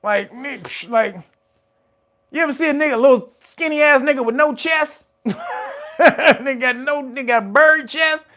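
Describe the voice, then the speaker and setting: A man hosting casual news commentary, animated and profane, breaking into laughter and loud exclamations. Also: very high-pitched, a little slow. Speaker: host of a commentary channel.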